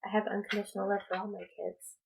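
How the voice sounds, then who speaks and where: A woman speaking as a spiritual coach in a personal vlog, talking in a slow, halting, reflective way. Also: medium pitch, flat delivery, creaky, slight background noise, low-quality recording. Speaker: spiritual coach and tarot reader.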